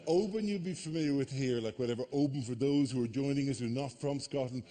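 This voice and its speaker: An Irish man doing stand-up comedy, talking fast and animated, swearing freely and breaking into frantic voices. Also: mid-range voice. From Ireland. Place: theatre stage before a live audience.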